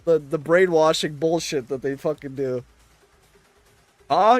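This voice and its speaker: A man's voice: a little high, very slow, pauses often, no echo, soft background music. A man ranting in casual chat, exasperated and swearing constantly.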